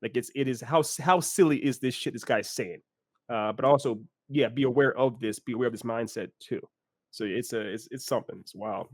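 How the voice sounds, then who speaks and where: A man's voice: mid-range voice, a little fast, dry recording. Dry-sounding enthusiastic podcast man. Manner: enthusiastic, animated with restarts. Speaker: podcast co-host. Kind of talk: casual discussion.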